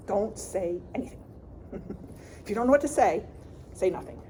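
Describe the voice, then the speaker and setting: A middle-aged woman leads a conference workshop on grief, her voice warm and mellow but swinging widely in pitch. She talks in a chatty, lively way, laughing and tossing "right?" to the room. A faint hum of room noise sits under her. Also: brisk, pauses often. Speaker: grief counselor presenter.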